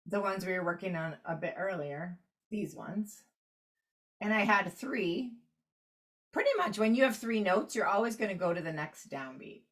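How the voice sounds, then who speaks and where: A woman with a mid-range, expressive, slightly bright voice speaks at normal speed while teaching a clarinet workshop online. She explains practice rhythms step by step, annotating sheet music as she goes.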